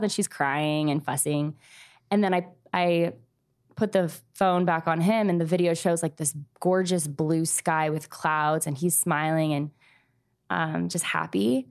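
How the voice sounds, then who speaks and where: Thirty-something woman, kinda low voice, halting and soft, sharing her story. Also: steady tone, smooth. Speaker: grieving mother guest. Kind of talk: personal storytelling.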